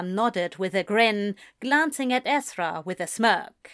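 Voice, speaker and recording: A woman reading a story aloud in measured, gentle scripted narration. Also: medium pitch, animated. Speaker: audiobook reader.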